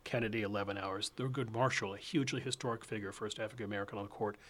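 A man hosting a political interview, and his voice sits on the lower side. He questions his guest in a brisk, animated, conversational way, speeding up as he makes his points. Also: slight background noise. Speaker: host.

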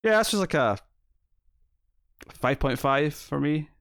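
A man's voice: a little high, lively intonation, a little slow, a bit bright, no room sound. A Scottish man co-hosting a casual comic review chat, blunt and opinionated, with lots of fillers. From Scotland. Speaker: podcast co-host.

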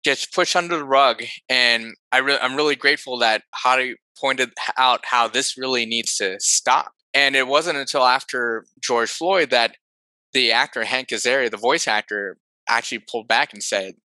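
Bright punchy guy on a podcast, dry close mic, thoughtful and kinda animated. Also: medium pitch, moderate pace, clean tone, dry recording, poor audio. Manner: thoughtful, animated, with self-corrections. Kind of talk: casual conversation.

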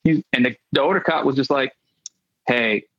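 A male comedian guest telling comic stories in an animated way, acting out the voices of the people in them. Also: medium pitch, fast talker, slightly rough, no echo, highs cut off. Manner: animated, acts out quoted voices. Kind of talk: comic storytelling.

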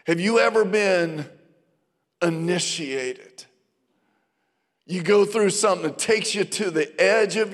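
A man in his fifties with a notably high voice, preaching in a church sanctuary. He tells stories and throws questions out to the congregation, and the sound carries a long hall reverb. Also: a bit bright. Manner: storytelling, calls out to the congregation. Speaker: pastor. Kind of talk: sermon.

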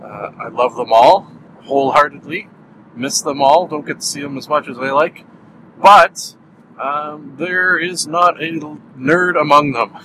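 A man's voice: on the high side, unhurried, bright, forceful tone, slight background noise, poor audio. A Canadian man hosting a podcast, rambling through a solo review chat and laughing at his own jokes. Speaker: podcast host.

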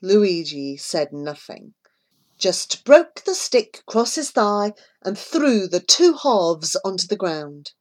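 A woman reading a children's story aloud in a measured, expressive way. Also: mid-range voice. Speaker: narrator.

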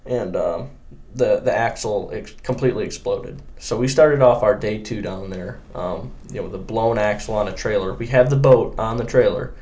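A young man from Michigan, a guest angler on a casual podcast, tells a story at a moderate pace in a voice on the low side. He is an animated storyteller who acts out what other people said.

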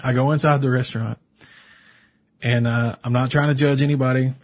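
A man co-hosting a podcast, telling an anecdote in an animated, casual way. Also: mid-range voice, a little fast, dull audio. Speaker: podcast co-host. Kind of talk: casual chat.

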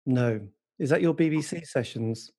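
A man's voice: mid-range voice, moderate pace, a little mellow. A man interviewing a musician, chatty and asking leading questions. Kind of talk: casual radio-style interview.

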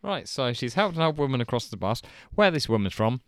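A man's voice: medium pitch, sing-song, a little fast, slight background noise. A man co-hosting a podcast, chatting casually and chuckling often. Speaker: podcast co-host.

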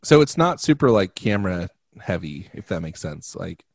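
A man co-hosting a casual podcast chat who laughs often and lets his sentences fade off quietly. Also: low voice, big pitch swings, moderate pace, gravelly, no echo. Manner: laughs often, trails off quietly at the ends of phrases. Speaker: podcast co-host.

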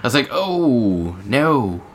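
A man's voice: medium pitch, very animated, slow, slightly rough. A man who is a guest on a podcast, chatting in a laid-back way and trying not to curse. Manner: laid-back, tries to avoid cursing. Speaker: guest musician. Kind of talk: casual chat.

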